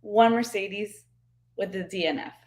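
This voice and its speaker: A woman co-hosting a casual sports podcast, excitable and enthusiastic as she talks. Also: mid-range voice. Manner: excitable, quick bursts of enthusiasm. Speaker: podcast co-host. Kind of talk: casual chat. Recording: roomy, echoey room sound.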